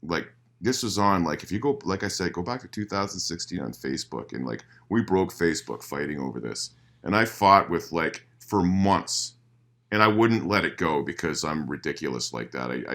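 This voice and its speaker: A musician guest with an extremely low, gravelly voice tells a long story in a casual interview recorded in a living room. He's an animated, profane storyteller, full of restarts and laughter.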